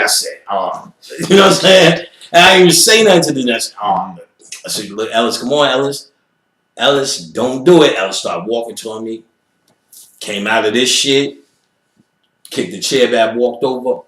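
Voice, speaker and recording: At normal speed, a man with an expressive, mid-range, fairly bright voice tells a profane story in an interview, animatedly acting out other people's voices and sound effects. There's a roomy echo.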